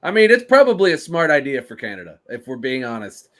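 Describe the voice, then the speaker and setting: A man's voice: mid-range voice, very animated, fast, a bit bright. A man co-hosting a casual wrestling podcast, clowning around and slipping into silly voices. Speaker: podcast co-host. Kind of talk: casual chat.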